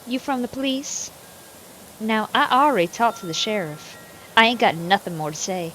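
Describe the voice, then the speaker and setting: A woman's voice: fairly low pitch, unhurried, a little hiss or hum, lightly acted. A woman streamer voicing a sassy, guarded Southern housewife in a put-on country drawl. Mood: curt. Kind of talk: voicing a game character while streaming.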